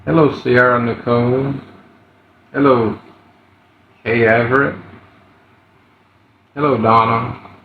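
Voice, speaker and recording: A man hosting a live stream, greeting viewers by name in an unhurried way with fillers. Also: medium pitch, steady tone, slight background noise. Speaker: livestream host. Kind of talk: casual live-stream chat. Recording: roomy, dull lo-fi livestream audio.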